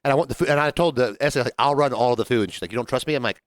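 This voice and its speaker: A man's voice: medium pitch, racing, dry recording, clean studio sound. A man co-hosting a casual bar-industry podcast, telling work stories and acting out what people said. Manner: animated storyteller, acts out quotes. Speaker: podcast co-host, bartender. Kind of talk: casual chat.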